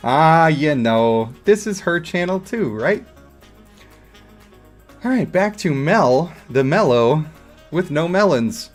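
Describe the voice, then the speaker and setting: A man's voice: on the high side, expressive, extremely slow, pauses often, faint music behind. Jokey male streamer. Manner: jokey, crude, laughs often. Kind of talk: casual game commentary.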